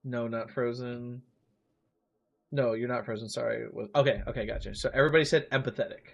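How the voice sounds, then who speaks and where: A man's voice: medium pitch, steady tone, brisk, gravelly, muffled recording. A young man streaming a game live, chatty, thanking viewers and talking through choices. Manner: chatty, reads and thanks chat. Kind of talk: live gameplay commentary.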